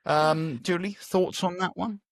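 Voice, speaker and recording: A man with an English accent hosting a casual podcast chat, animated and given to swearing when worked up. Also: high-pitched, a little slow, no room sound, clean studio sound. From England. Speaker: podcast host.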